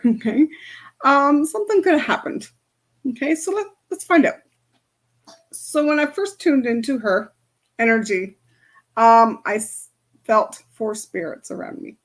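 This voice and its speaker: A woman who works as an energy healer, giving a casual spoken lesson on chakras and telling a story from her practice, with many fillers. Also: on the high side.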